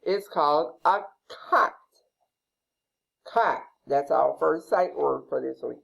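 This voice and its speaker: A woman's voice: sits low, slow, gravelly, slightly rough, poor audio. A woman teacher, leading a phonics lesson for young children and spelling out each word one letter at a time.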